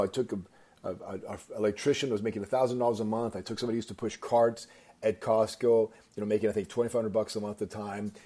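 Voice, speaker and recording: A man, a company founder, telling a motivational story with emphatic, animated delivery and frequent repetition. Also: medium pitch, slightly rough.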